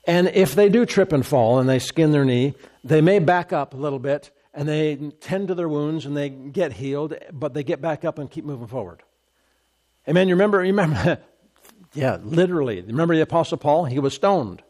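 Male pastor, fairly high voice, emphatic sermon delivery with repeated phrases. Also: lively intonation, normal speed, darkish tone. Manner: emphatic, repeats phrases, reads scripture aloud.

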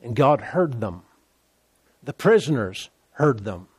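A man's voice: medium pitch, sing-song, slow pace, husky, dry recording. Male preacher, sermon, emphatic with repeated phrases, dry close sound.

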